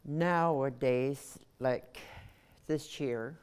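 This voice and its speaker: Slow low-voiced older woman. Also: darkish tone, clean tone. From Nunavut, Canada. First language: Inuktitut. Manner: measured, pausing between phrases. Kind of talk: personal recollection.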